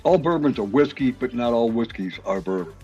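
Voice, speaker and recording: Easygoing male guest from Kentucky, animated husky delivery, muffled lo-fi sound, faint music. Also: medium pitch, fairly quick. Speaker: hunter and chat guest. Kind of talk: casual live-stream chat.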